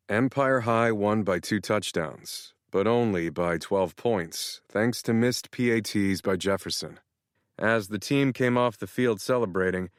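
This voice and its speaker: A man narrating an audiobook in the first person, with a measured, even delivery on a close studio mic. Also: lowish voice, smooth, dry recording.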